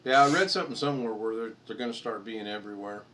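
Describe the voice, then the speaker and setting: A man's voice: fairly low pitch, fast, a bit bright. Joking man hosting a chat stream. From United States. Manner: rambling joking storyteller, laughs at his own jokes. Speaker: live stream host. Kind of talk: casual chat.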